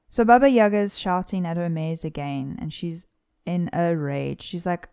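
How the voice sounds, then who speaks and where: Mellow-voiced young woman retelling a folk tale. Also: on the low side, normal speed, clean tone, dry recording. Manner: animated retelling with playful asides. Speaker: podcast co-host.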